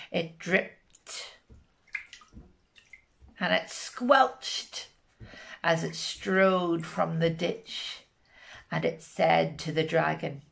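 Slow, gravelly Northern Irish storyteller woman. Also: on the low side. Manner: gentle, rhythmic storytelling. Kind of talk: reading a rhyming picture book aloud.

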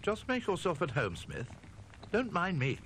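An actor playing a scheming male student villain in an audiobook drama, sneering and shrill. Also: very animated, moderate pace, a bit bright, a little hiss or hum. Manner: shrill, sneering, rising to screams.

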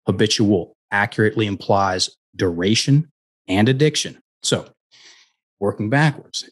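Middle-aged man, low husky voice, earnest interview guest who restarts his sentences. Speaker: guest coach. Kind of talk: conversational storytelling interview.

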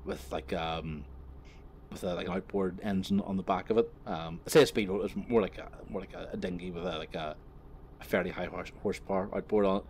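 A young man rambles through a crude story from behind the wheel, swearing constantly and chuckling. His voice is on the low side, picked up by a camera inside the car with faint road noise behind. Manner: profane, rambling, laughing. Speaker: vlogger. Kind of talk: rambling anecdote while driving.

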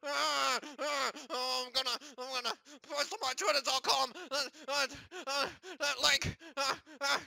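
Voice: sits high, animated, moderate pace, gravelly, pushed and bright, voice pushed up, exaggerated voice. A performer voicing a ranting male mad scientist villain who stammers and boasts in a comic plush game video.

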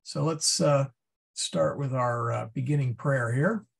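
Halting, gravelly man teaching Latin. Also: medium pitch. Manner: halting, thinks aloud with many fillers; explains slowly step by step. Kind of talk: classroom lesson.

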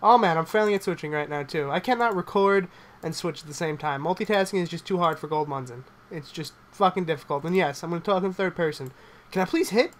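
A man giving live gameplay commentary, excitable and swearing a lot, swinging from low muttering to shouting at the game. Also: fast. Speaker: gamer.

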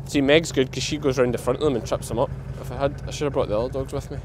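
A man's voice: mid-range voice, steady tone, very fast, background noise. A Scottish man, a sheep farmer, chatting casually to the camera while he works sheep with his dog on a hillside. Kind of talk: casual vlog narration while working. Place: outdoors on a farm hillside.

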